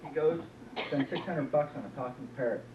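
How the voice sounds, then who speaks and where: A man's voice: medium pitch, a little fast, far from the mic, background noise. A man doing a stand-up comedy set in a small club, telling folksy jokes with lots of "uh" and "he says". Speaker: stand-up comic. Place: small club, live audience. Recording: echoey lo-fi club tape from afar.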